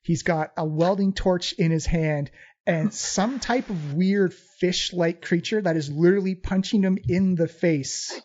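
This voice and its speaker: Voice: mid-range voice, measured pace, darkish tone, highs cut off. A game master narrating a tabletop game in a loose style, full of fillers.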